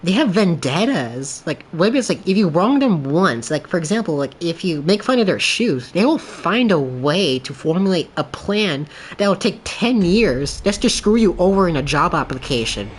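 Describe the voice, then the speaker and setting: A man's voice: high-pitched, normal speed, few pauses, husky. A man streaming a game and talking in a loose, casual way, full of "like" and restarts, laughing often and putting on voices as he retells clips. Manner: rambling, filler-heavy, laughs often; animated storytelling with quoted voices. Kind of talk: casual livestream chat.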